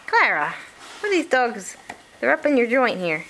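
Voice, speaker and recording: A woman's voice: on the high side, sing-song, normal speed, fairly bright tone, slight background noise, rough recording. A woman filming her small child at home, talking to the child in a playful sing-song way. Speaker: parent filming her toddler. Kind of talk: casual home video. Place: family home indoors.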